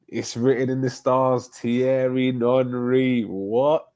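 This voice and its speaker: A man's voice: medium pitch, fairly even intonation, slow pace, darkish tone. A young man hosting a football live stream, casually bantering with viewers in slang-heavy, swear-laced chat. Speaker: football livestream host.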